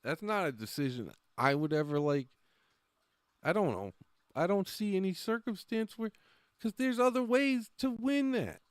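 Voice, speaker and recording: A man's voice: high-pitched, expressive, normal speed, clean tone, no echo, clean studio sound. A man talking casually on a livestream, rambling, often trailing off and laughing between thoughts. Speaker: livestream host.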